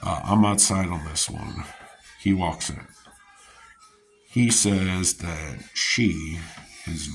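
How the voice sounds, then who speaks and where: Low-voiced man rambling through a story. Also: slow, vocal fry, pauses often, soft background music. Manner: meandering, chuckling, many restarts and fillers. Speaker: vlogger.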